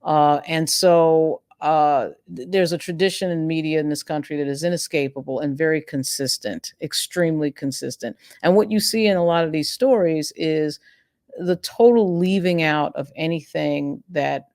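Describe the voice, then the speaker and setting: A woman's voice: deep voice, normal speed, darkish tone, dry recording, studio quality. Woman host giving emphatic legal commentary. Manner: emphatic, builds arguments through long lists.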